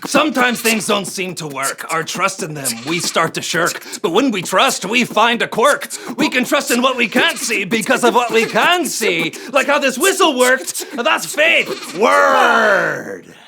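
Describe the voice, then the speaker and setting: A performer playing a goofy, upbeat MC in a comedic children's church skit, lively and prone to excited exclamations. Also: medium pitch, measured pace, vocal fry, few pauses, slight background noise, full character voice. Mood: rapping. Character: goofy upbeat kids' show MC character.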